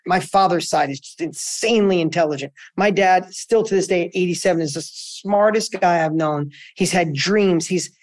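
A man's voice: moderate pace, few pauses, no echo. Male guest, emphatic motivational storyteller, dry close sound. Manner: emphatic, storytelling, animated pitch swings. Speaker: guest entrepreneur. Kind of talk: motivational interview talk.

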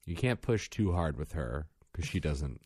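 A man with a very low voice tells stories about his young kids in a casual chat, and his pitch swings widely as he acts out the kids' lines. The sound is dry and close, with no room echo. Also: sing-song, normal speed, darkish tone. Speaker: parent of two young children.

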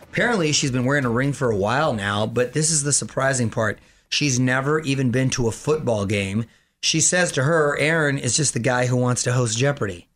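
A man hosting a radio show, bantering with co-hosts in an energetic, playful way. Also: medium pitch. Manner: energetic, playful, quick patter. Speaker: radio host.

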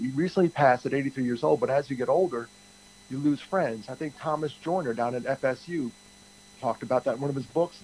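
A man's voice: on the high side, a little mellow, slight background noise, rough recording. A man in his fifties answering interview questions candidly, rambling and restarting his sentences often. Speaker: guest, TED speaker.

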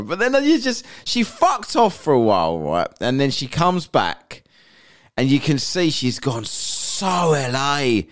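A man's voice: on the high side, sing-song, unhurried, fairly bright tone. A man hosting a podcast, ranting crudely and sarcastically in casual chat. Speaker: podcast host.

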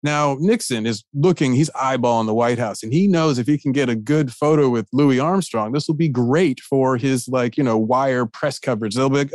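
Male podcast host, animated casual storyteller, dry studio sound. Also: medium pitch, normal speed, few pauses, no echo. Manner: animated, acts out quoted voices.

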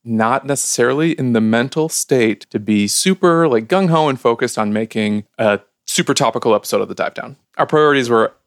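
A man's voice: medium pitch, a little fast, hardly any pauses, dry recording. Chatty podcast host man, dry sound. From Ukraine. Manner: upbeat, chatty, frequent laughter. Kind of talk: casual podcast chat.

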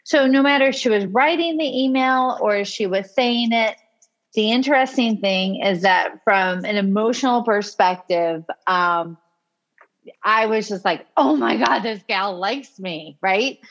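A woman co-hosts a podcast and tells a personal story with lively energy. Her voice sits at a middling pitch. The audio is a little dull and lo-fi. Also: measured pace. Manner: animated, acts out quoted speech. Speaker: podcast co-host. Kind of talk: casual storytelling chat.

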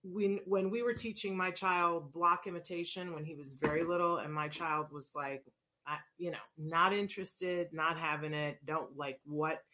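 A woman's voice: low voice, normal speed. A middle-aged woman telling stories casually, acting out voices as she talks about play and children on the autism spectrum. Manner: animated, acts out voices in anecdotes. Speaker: parent educator on autism. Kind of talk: casual storytelling talk.

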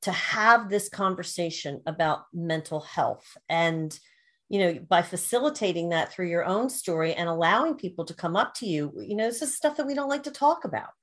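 A woman's voice: on the low side, animated, moderate pace. A woman co-hosting a conversational podcast, thoughtful and affirming. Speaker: podcast co-host. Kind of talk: casual conversation.

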